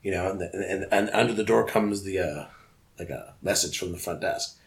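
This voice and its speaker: Excitable low-voiced man telling rock stories. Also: moderate pace, creaky. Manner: excitable, rambling, acts out quoted voices. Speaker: guest musician. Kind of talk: casual storytelling interview.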